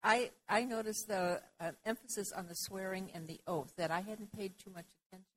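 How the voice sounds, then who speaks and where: A woman's voice: medium pitch, brisk, slight background noise, poor audio. A woman in a church group answering into a handheld mic, reflecting on what she noticed in the reading. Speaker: congregation member. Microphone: handheld microphone.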